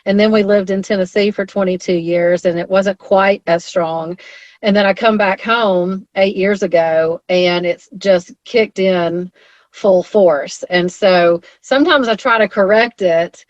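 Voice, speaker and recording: Alabama woman cohosting, gets excited telling stories, dry close sound, bit muffled. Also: mid-range voice, unhurried, dry recording. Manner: animated, enthusiastic storyteller. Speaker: podcast co-host. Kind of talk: casual chat. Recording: dry, slightly dull sound.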